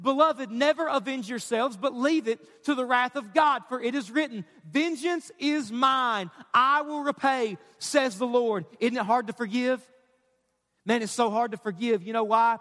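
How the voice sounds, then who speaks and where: A man's voice: very high voice, a little slow, a bit bright. A man preaching a sermon to a congregation, urgent and emphatic. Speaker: pastor. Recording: live hall with long reverb.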